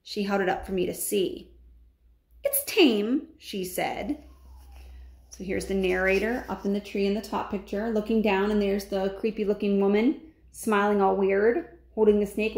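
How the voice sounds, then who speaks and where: A woman reading a children's novel aloud with expressive delivery, breaking in with chatty asides. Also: medium pitch. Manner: animated, adds chatty comments. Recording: roomy echo.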